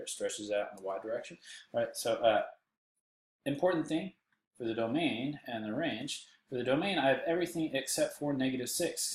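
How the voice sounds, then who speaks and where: A man's voice: medium pitch, roomy sound, a little hiss or hum, poor audio. A man with a Texan accent teaching a recorded math lesson while seated, with playful jokes and silly voices on the side. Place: indoors, seated.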